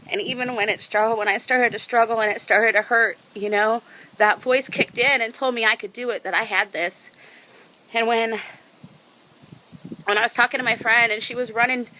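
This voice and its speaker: A woman's voice: a little high, pushed and bright, poor audio. A woman vlogging right after a half marathon, talking in a heartfelt, rambling way and correcting herself, tired from the run, outdoors on a lookout spot. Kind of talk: emotional personal vlog.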